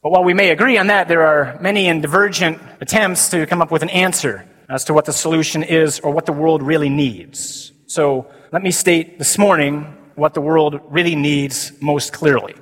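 A man, a Catholic priest preaching a sermon to a men's conference, animated, swinging from loud emphasis to slow, quiet declarations. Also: fairly high pitch. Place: large conference hall. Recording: reverberant conference hall.

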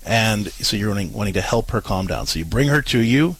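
Husky male co-host, lowish voice, earnest explainer on a parenting advice show. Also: lively intonation, a little fast, no echo, poor audio.

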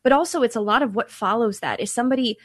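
A woman's voice: fairly high pitch, fast, no echo. A woman from Ireland co-hosting a Catholic radio talk show, chatty and enthusiastic as she invites calls.

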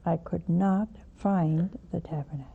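A woman's voice: lowish voice, moderate pace, gravelly, narrow, tinny audio, a little hiss or hum. An older woman hosting a religious call-in show, preaching emphatically, scolding and mocking. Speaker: religious TV host taking calls.

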